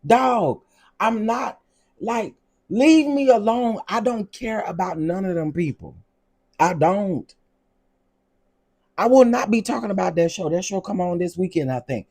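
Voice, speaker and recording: A man's voice: high-pitched, a little slow, gravelly, long pauses. Exasperated man ranting on his vlog. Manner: animated, repetitive, exasperated. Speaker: vlog host.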